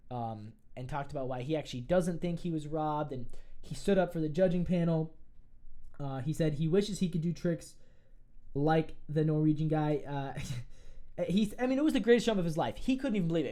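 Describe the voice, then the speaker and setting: A sports podcast host riffing through casual commentary in a voice of middling pitch. The talk comes in excitable, opinionated bursts, with frequent restarts when the enthusiasm runs ahead of the words.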